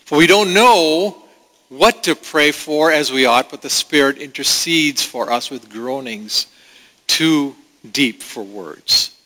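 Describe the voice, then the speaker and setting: A man delivers a sermon with a bright, forceful voice pitched a little high. His preaching is earnest but conversational, full of asides. The sound rings with the long reverb of a large hall. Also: lively intonation, slow. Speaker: pastor.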